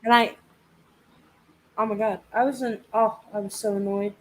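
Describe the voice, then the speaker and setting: A woman's voice: medium pitch, steady tone, fairly quick, darkish tone, low-quality recording. A young woman telling a story in casual chat, swearing freely and laughing often. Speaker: live chat host.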